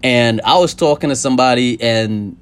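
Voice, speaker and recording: A young man hosting a podcast, ranting casually and profanely, his voice swinging from loud outbursts to low asides. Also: normal speed, clean tone. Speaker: podcast host. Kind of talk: casual comedic rant.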